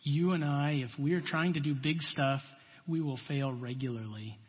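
A man's voice: fairly high pitch, moderate pace, breathy edge. A man preaching a sermon in a conversational, folksy way, full of asides and plain talk. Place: church. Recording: dull long-reverb church hall.

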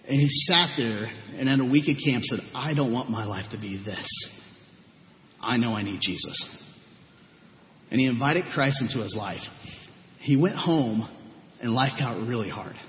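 A man's voice: mid-range voice, a little hiss or hum. A man speaking to a gathering, earnestly recounting stories about teens and voicing their words. His voice echoes around a large hall, and the sound is dull and lo-fi. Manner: earnest storytelling, acts out quoted people. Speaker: youth ministry leader. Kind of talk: testimony talk to a gathering.

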